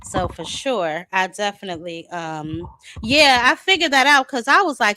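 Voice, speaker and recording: A woman's voice: medium pitch, moderate pace, sharp tone, slight background noise. A woman hosting a casual boxing livestream, chatting loosely and greeting viewers by name. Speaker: boxing channel host.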